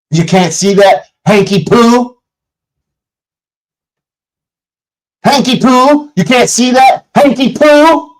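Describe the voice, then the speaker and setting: On a livestream, a man with a fairly high voice rants angrily at commenters and critics, swearing heavily and shouting at chat in a combative way. The streamer's setup mic gives a rough recording.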